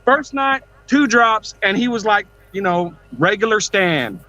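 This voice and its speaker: High, bright man telling crude jokes. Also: animated, measured pace, muffled recording. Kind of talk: casual group chat.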